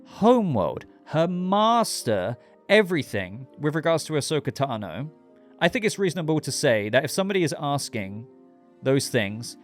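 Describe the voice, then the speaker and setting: A man hosting his own channel, giving a casual, rambling episode review and talking straight to his viewers. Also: medium pitch. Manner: rambling, chatty, addresses viewers directly.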